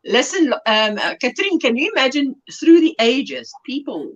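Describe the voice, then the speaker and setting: Giggly South African woman with a high voice. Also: very animated, moderate pace, dull audio. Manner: giggly, playful, chatty. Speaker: crochet livestream host. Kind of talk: casual chat reading viewer comments.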